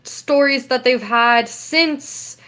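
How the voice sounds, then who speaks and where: A teenage girl co-hosting a casual podcast, excitable and laughing, reading old news stories aloud. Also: high voice, takes it slowly. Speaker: podcast co-host. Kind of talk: casual chat.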